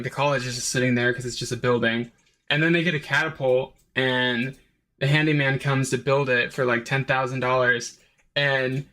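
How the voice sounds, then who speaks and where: A man's voice: a little high, a bit bright. Rambling man reviewing a cartoon episode. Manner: rambling, full of "like" and "um" fillers. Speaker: host of a review channel. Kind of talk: casual unscripted review monologue.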